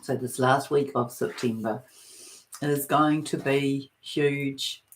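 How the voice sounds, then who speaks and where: A woman from New Zealand with a New Zealand accent, giving a spiritual talk on a livestream in a soft, meandering way, with many pauses. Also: rumbling low, fairly even intonation, slight background noise. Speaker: spiritual channeler. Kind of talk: live-streamed spiritual talk.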